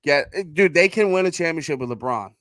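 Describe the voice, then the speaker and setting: A man's voice: fairly high pitch, lively intonation, fast, a bit bright, dry recording. A man with a Philadelphia accent co-hosting a sports podcast, blunt, sarcastic and profane in casual chat over a remote call. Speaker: podcast co-host.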